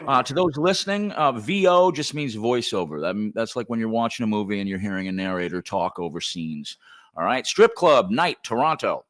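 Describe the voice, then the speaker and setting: Lively male podcast host. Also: fairly low pitch, normal speed. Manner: lively, directs the conversation, stammers on restarts. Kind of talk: casual podcast chat, reading script narration.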